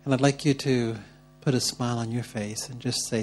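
Here the same kind of workshop leader speaks at a moderate pace in a mid-range voice with fairly even intonation, and a little hiss or hum sits under the recording. He takes the group through prayer, then gently invites people to share, brightening when he calls on someone.

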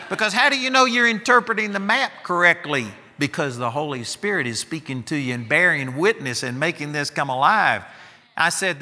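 Emphatic preacher with a bright, ringing voice. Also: male voice, a little high, sing-song, moderate pace, in a large hall. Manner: emphatic, storytelling, repeats for emphasis. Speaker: preacher teaching students. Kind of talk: sermon.

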